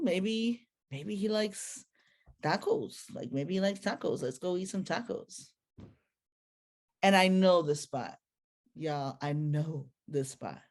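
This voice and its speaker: A woman telling a personal story to an audience in a lively, slangy, conversational way. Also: fairly low pitch.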